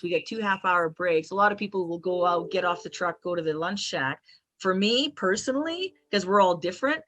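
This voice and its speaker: A woman's voice: lowish voice, fairly bright tone, dry recording. A woman truck driver telling stories in a podcast chat, chatty and acting out her own inner voices. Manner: chatty, repeats and restarts, acts out both sides of her inner voice. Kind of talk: animated storytelling in a podcast chat.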